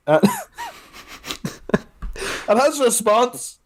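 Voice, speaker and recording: Sitting on the high side and talking a little fast, a young man co-hosts a podcast, animatedly recounting stories and acting out people's lines during casual conversation.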